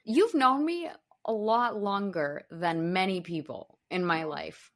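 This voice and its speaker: A woman in her twenties hosting a podcast in casual chat, animated and laughing often as she tells stories. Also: medium pitch, takes it slowly. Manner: animated storyteller, laughs often, quotes kids in playful voices. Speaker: podcast host.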